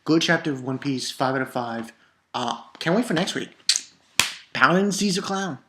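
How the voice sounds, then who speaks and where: A woman casually reviewing a manga chapter on video, excitable and profane, rambling with restarts. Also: sits low, normal speed, a little hiss or hum.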